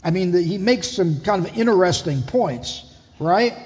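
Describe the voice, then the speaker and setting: A man's voice: high-pitched, expressive, normal speed, a little mellow. A man preaching a conversational sermon as lead pastor, putting questions to the congregation. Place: church hall. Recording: dull echoey hall.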